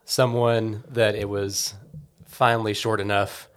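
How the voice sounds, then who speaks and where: A man co-hosting a casual podcast chat with dry, deadpan humor. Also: lowish voice, a little slow. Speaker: podcast co-host.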